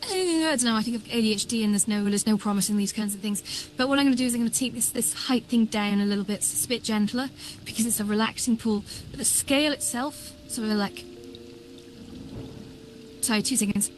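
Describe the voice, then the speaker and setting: A woman livestreamer giving excitable building commentary, thinking aloud with lots of fillers. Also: on the high side, fast talker, faint music behind, rough recording. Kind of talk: live-streamed world-building commentary.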